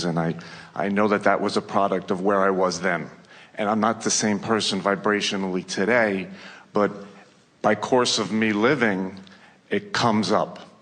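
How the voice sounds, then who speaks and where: A man with a very low voice speaks up from the audience at a workshop, asking his question earnestly and a little haltingly. His voice carries a long reverb in a large seminar hall. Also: a bit bright. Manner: earnest, searching for words.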